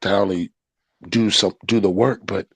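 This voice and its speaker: Animated man telling a story, dry sound. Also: lowish voice, moderate pace, slightly rough, dry recording. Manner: animated, slangy storyteller who jumps into loud excited quotes; frequent "right?" and "you know" tags. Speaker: podcast guest. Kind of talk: casual storytelling.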